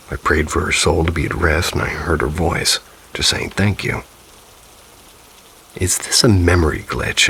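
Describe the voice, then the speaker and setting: A man reading submitted ghost stories aloud in calm, measured scripted narration. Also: a bass voice, slight background noise, poor audio.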